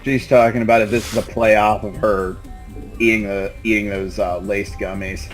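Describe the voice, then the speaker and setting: A man casually narrating his character in an online role-play, hesitant and halting. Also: on the low side, steady tone, low-quality recording. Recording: game music playing behind.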